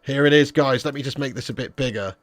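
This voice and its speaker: A man hosting a football fan livestream, reading viewer comments with excitable, teasing banter. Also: medium pitch, quick pace. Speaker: football fan channel streamer. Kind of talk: live stream chat, reading viewer comments.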